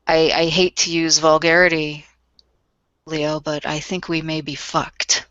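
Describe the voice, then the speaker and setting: A worried, agitated vampire noblewoman, as a woman puts her on, speaking in hushed, grave tones. Her voice is very low for a woman and bright, and it is recorded dry and close. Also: level tone, a little slow, clean tone, no room sound, lo-fi sound.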